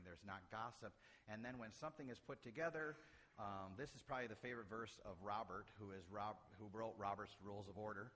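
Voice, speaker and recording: A man's voice: fairly low pitch, a bit bright. A middle-aged man from Illinois, a pastor preaching a sermon with folksy, humorous stories. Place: church sanctuary. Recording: church hall reverb.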